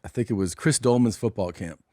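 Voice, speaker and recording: A man from Minnesota co-hosting a podcast, telling a childhood story in an excitable, laughing, profane way. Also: a little fast, no room sound, studio quality. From Minnesota, USA. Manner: excitable, laughs often, jumps high in pitch when amused. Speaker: podcast co-host. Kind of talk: casual comedic storytelling.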